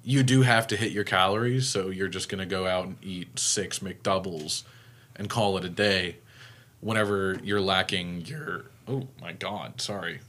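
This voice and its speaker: A man's voice: sits low, fairly bright tone. A young man co-hosting a casual podcast chat, laughing easily and speeding up as he explains. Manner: laughs easily, talks fast when explaining. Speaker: podcast co-host.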